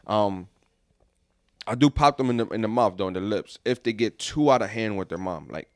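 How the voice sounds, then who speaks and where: A man's voice: on the low side, lively intonation, moderate pace, dry recording, studio quality. Rambling young man on a podcast. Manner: rambling, repeats himself. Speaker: podcast co-host. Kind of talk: casual chat.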